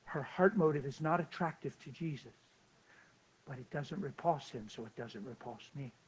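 A man preaching a sermon and telling a story, swinging between loud excitement and hushed, soft passages. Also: mid-range voice, normal speed, husky, poor audio.

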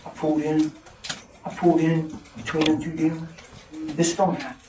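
A man preaching a fervent testimony sermon, moving between shouts and hushed tones. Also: fairly high pitch, completely flat delivery, moderate pace. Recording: roomy, distant mic with noise.

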